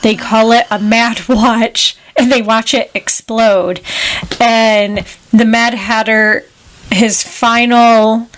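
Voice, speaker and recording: A woman's voice: fairly high pitch, fairly even intonation, slow. A woman co-hosting a podcast, casually recapping a film and quoting characters in playful voices. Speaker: podcast co-host.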